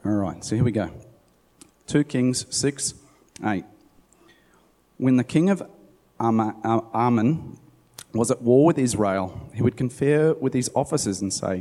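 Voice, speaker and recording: A man delivering a sermon, reading scripture and stopping to muse about it in a relaxed, conversational way. His voice is mellow and warm. A long hall reverb trails behind every line. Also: medium pitch, a little slow, pauses often. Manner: conversational, musing aside. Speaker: preacher. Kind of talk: sermon, Bible reading with commentary.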